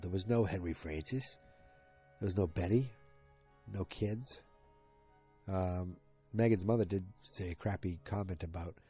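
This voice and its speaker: A man's voice: low voice, mellow, breathy edge. A man hosting a podcast, retelling a TV episode in a loose, rambling way with lots of fillers and restarts. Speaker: podcast host. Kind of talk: casual episode recap.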